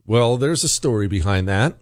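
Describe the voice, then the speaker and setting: A man behind a talk radio mic, hammering his points home with rhetorical questions. His pitch swings widely as he argues, and the sound is dry and close. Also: lively intonation, normal speed, no room sound. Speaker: radio talk show host. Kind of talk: opinionated talk radio monologue.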